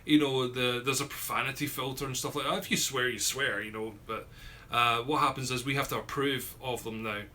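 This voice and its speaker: Hosting a relaxed live-stream chat, a Scottish man with a southwest-coast accent from near Glasgow reads viewers' comments aloud, peppering his speech with fillers and repeated words. He speaks fairly quickly at medium pitch, with fairly even intonation and a bright, forceful tone, over slight background noise.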